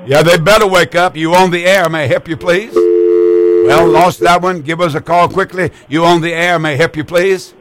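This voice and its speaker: A man's voice: a little high, fairly even intonation, moderate pace, slight background noise. A middle-aged man hosting a call-in radio show as a pastor, speaking with a fervent, repetitive preacher's cadence.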